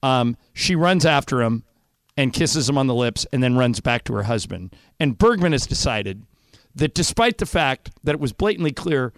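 Male radio host, even mid voice, dry studio sound, argumentative banter. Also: mid-range voice, moderate pace, no echo. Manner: teasing, argumentative. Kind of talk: casual banter and live ad read.

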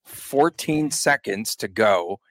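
A man's voice: on the low side, lively intonation, takes it slowly. A man co-hosting a sports podcast, joking and rambling in casual chat. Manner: joking, rambling, laughs often. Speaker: podcast co-host.

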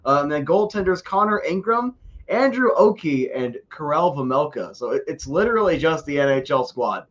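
A man's voice: on the high side, expressive, moderate pace, a bit bright, highs cut off. A man co-hosting a casual hockey podcast, chatty and self-deprecating, often stumbling over repeated words. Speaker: podcast co-host. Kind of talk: casual sports podcast chat.

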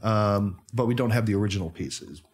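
A man co-hosting a podcast, telling history as an animated storyteller. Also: on the low side, fairly quick, breathy edge. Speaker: podcast co-host.

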